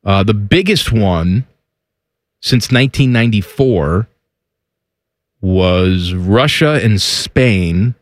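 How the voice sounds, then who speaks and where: A man co-hosting a podcast, chatting casually in a teasing, deadpan way. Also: lowish voice, slow pace, long pauses, no echo, studio quality. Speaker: podcast co-host. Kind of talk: casual chat.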